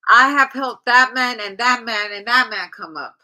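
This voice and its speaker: A woman's voice: fairly high pitch, normal speed, pushed and bright, poor audio. A woman giving a casual tarot reading in a blunt, chatty, profane way. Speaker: tarot reader.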